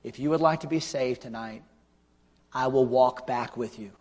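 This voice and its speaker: A male pastor preaching a revival sermon with an altar call, swinging from loud shouting to hushed pleading. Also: medium pitch, moderate pace. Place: large church auditorium. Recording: long hall reverb.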